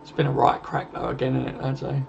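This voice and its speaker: A young man with a gravelly, mid-range voice talks quickly, his pitch barely moving. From his home, he hosts a late-night live stream where he reads viewer comments aloud and answers them casually, swearing freely. The audio is dull and lo-fi, with faint background noise.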